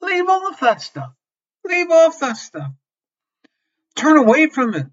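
Slow, bright-voiced impassioned male preacher. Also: very high-pitched, huge pitch swings. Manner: impassioned, swinging between loud emphasis and soft near-whispers; repeats key phrases for emphasis. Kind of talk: sermon. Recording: slightly dull lo-fi sermon recording.

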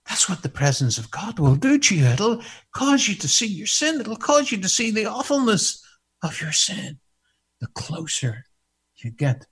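Older man, preacher, lively sermon, raised pitch, playful questions. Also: husky. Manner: animated storytelling with humor and rhetorical questions.

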